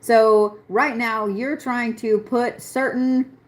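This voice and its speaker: A woman's voice: on the high side, steady tone, slow pace. A young adult woman doing a live astrology reading, talking bluntly, swearing and laughing often as she speaks. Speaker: astrology reader. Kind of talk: live-stream chart reading.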